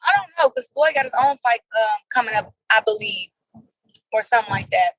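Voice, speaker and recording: A woman boxer chatting casually as an interview guest, telling animated, laughing stories. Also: a little high, brisk, dry recording, low-quality recording.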